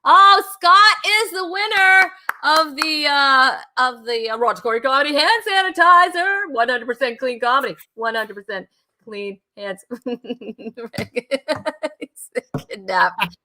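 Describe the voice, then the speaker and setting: This woman's voice sits high and bright as she hosts a comedy chat show. She talks casually, giggles a lot, and keeps things light and bubbly. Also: unhurried. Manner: giggly and bubbly, laughs often. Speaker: host.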